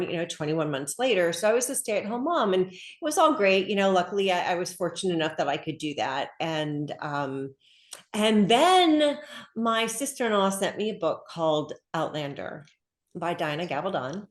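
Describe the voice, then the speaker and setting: A middle-aged woman author talks in a loose, chatty way with plenty of fillers and quick laughs. Her voice sits fairly low. She is heard over a video call in a room with a noticeable echo. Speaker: author guest. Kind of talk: casual interview chat. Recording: echoey room.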